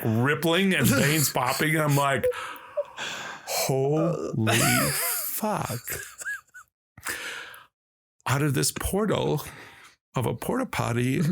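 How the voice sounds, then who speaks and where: A man telling a long, animated story as a podcast guest in casual conversation. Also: on the high side, vocal fry. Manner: slow, drawn-out, animated storytelling.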